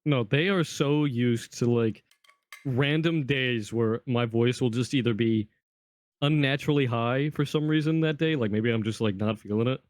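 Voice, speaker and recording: A young man co-hosting a podcast, chatting casually and cutting in with quick asides. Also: mid-range voice, dry recording. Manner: quick interjections, laughing asides. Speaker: podcast co-host. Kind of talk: casual chat.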